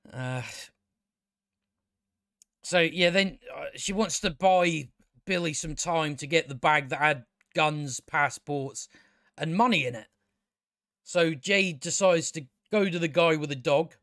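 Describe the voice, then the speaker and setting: A man's voice: fairly high pitch, measured pace, fairly bright tone, no echo, clean studio sound. A man giving a casual, sarcastic and exasperated spoken review of a TV show, swearing often.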